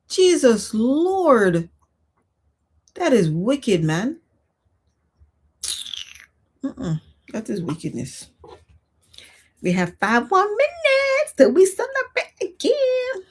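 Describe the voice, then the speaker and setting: Husky-voiced woman chatting on a livestream. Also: medium pitch. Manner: chatty, expressive, reads viewer comments aloud. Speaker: livestream host. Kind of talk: casual storytelling chat.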